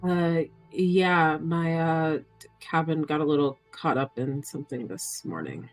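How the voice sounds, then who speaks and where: A woman's voice: sits low, unhurried, faint music behind. A woman voicing a shy, hesitant young girl student who stumbles over her words with many ums.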